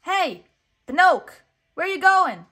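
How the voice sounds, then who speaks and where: A fussy little male cricket from a storybook, excitable and earnest, his voice jumping high and loud, as a woman reading aloud does him. He calls out and fusses like a worried guardian. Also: unhurried, full character voice. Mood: flustered. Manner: excited, calling out loudly.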